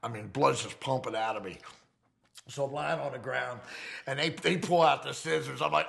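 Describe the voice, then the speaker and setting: A middle-aged man, telling his story in an interview in a profane, animated way. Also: medium pitch, normal speed, gravelly.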